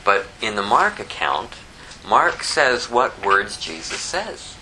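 A man teaching verse by verse from the Bible, lively and conversational, who chuckles at his own asides. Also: fairly low pitch, slow pace, slight background noise, low-quality recording.

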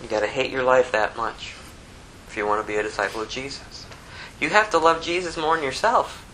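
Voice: medium pitch, a little fast, fairly bright tone, slight background noise, low-quality recording. An American preacher delivering a sermon in an emphatic way, full of rhetorical questions. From United States.

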